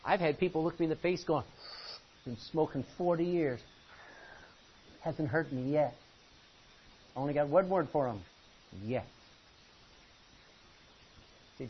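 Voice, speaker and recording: A male pastor preaching a sermon from the front of a church, impassioned, swinging from loud pleading to low intensity. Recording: dull lo-fi recording with faint hiss.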